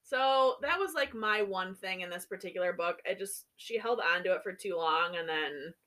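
A woman's voice: fairly low pitch, animated, moderate pace, a bit bright. A woman in casual conversation about a book, giving blunt opinions and scolding the characters. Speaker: book discussion co-host.

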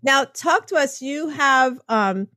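A woman's voice: high voice, lively intonation, slow pace, sharp tone, no room sound, clean studio sound. A middle-aged woman hosting a casual chat, rambling and acting out remembered conversations. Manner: chatty, rambling, acts out quoted exchanges. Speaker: host.

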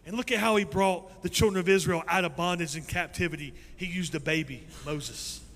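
A male pastor preaches in an animated voice that moves from loud to soft. His voice sits a bit high and sounds bright and forceful. Long hall reverb trails his words over faint room ambience. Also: fairly quick, a little hiss or hum. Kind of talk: sermon. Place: church sanctuary.

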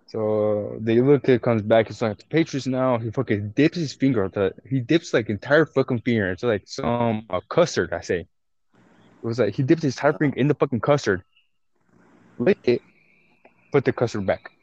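A man's voice: mid-range voice, normal speed, darkish tone, no room sound. A young man telling a rambling story in casual podcast chat, swearing a lot and restarting his sentences. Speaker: podcast co-host. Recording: dull, dry lo-fi recording.

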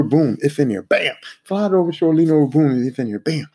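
A man's voice: fairly high pitch, fast talker, hardly any pauses, slightly rough. A man hosting a podcast, telling a work story in a casual, profane, repetitive way. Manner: animated, profane, repetitive, acts out quotes in a raised voice.

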